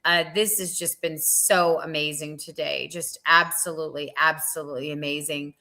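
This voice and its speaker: Woman podcast host, very low but bright voice, affirming and supportive. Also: steady tone, moderate pace. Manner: affirming, many soft backchannels. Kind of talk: casual interview talk.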